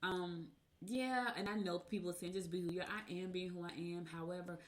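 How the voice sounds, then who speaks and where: Lady radio host, low voice, talks quick and chatty, keeps going off on side stories. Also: steady tone. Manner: talkative, rambles into personal asides; talks fast by her own account. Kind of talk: casual chatty horoscope reading.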